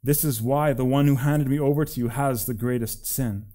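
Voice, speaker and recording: A man reading the part of a calm, solemn teacher, measured and earnest. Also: medium pitch, natural voice.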